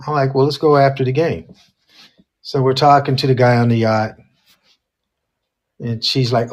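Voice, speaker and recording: A man's voice: medium pitch, normal speed, long pauses. A man co-hosting a casual talk show, telling a dating story and acting out the quoted lines. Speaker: co-host.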